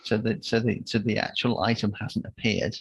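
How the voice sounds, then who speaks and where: A man asks practical questions at a tabletop game. His voice is low, gravelly and husky, recorded dry. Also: flat delivery, normal speed, poor audio. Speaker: player.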